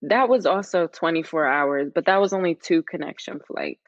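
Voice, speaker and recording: Casual New York woman guest, lowish voice, dry muffled recording. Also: normal speed, no room sound. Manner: relaxed, peppers speech with "like". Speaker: podcast guest. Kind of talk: casual podcast chat. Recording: dull, dry, muffled sound.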